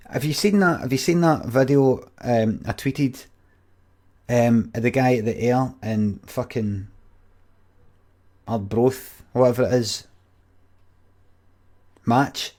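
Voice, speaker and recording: A man's voice: mid-range voice, a little slow, pauses often, darkish tone. A Scottish man in his forties, rambling and swearing as he tells a story to his viewers on a stream.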